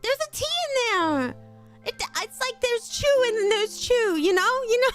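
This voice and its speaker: A woman's voice: very high-pitched, animated, moderate pace, fairly bright tone, soft background music. A young British woman streaming and chatting casually, rambling and laughing often. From United Kingdom. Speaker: VTuber streamer. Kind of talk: casual livestream chat.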